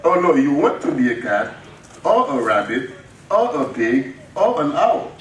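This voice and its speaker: A hungry storybook wolf, as a man reading aloud puts him on, lingering over every word with slow, gloating relish. His voice rises in pitch and swings around animatedly. It echoes through the room from some distance. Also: very animated, slight background noise. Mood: coaxing. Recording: echoey room, heard from far off.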